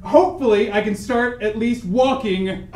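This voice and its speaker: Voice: medium pitch, normal speed, a little mellow, far from the mic, natural voice. An improv performer playing Sam, an awkward, hopeful would-be dancer, in a live comedy scene. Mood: earnest. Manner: bashful, stammering, then boldly determined. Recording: echoey club with audience noise.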